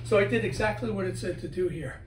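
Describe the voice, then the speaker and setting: High-voiced man telling stories in a roomy space. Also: fast talker, slight background noise. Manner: animated storyteller, acts out his own words. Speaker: guest author on spirits. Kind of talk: casual interview chat. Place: at home. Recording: roomy, from a distance, faint ambience.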